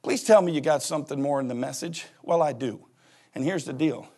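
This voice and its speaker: A man's voice: fairly high pitch, a little fast, dark tone, husky. A man in his forties, a pastor giving a humorous sermon and acting out little scenes as he laughs. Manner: joking storyteller who acts out voices and laughs.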